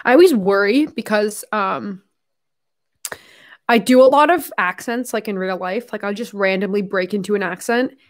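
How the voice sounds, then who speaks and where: A young woman talks casually on her live stream in a rambling, frank way, swearing and laughing often. She keeps eating as she talks, so her words come through with food in her mouth. Her voice sits at an ordinary middle pitch for a woman. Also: moderate pace. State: eating while talking.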